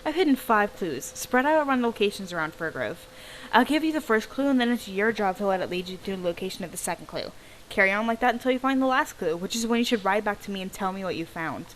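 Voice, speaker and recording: A woman's voice: medium pitch, lively intonation, fast, slight background noise, lightly acted, low-quality recording. A woman reading the lines of a cheerful young man who runs a treasure hunt in a video game, in her own upbeat voice. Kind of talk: reading game dialogue aloud.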